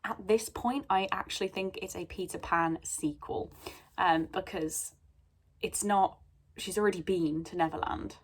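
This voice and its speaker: A woman's voice: on the low side, unhurried. A young woman vlogging casually about her reading, rambling with lots of ums and a bit sneezy. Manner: chatty, rambling with many ums. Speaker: book vlogger. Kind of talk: casual chat.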